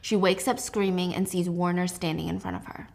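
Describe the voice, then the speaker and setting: A young woman hosting a casual book recap, telling the story in an animated way with side comments. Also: lowish voice, brisk, vocal fry. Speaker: host.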